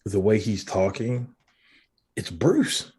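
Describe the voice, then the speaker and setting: A man co-hosting a podcast, speaking in a relaxed, conversational way about a movie. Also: fairly low pitch, takes it slowly, husky. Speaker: podcast co-host. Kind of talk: casual movie review chat.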